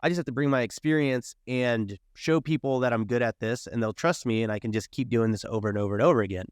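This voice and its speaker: A man in his thirties talks casually as a podcast guest and tells stories in an animated way, jumping into the voices of the people he quotes. His voice is smooth and resonant, at an ordinary pitch for a man. The recording is close and dry, with no room sound. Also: quick pace, dry recording. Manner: animated storyteller, acts out quoted dialogue. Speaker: podcast guest, real estate investor. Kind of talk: casual storytelling interview.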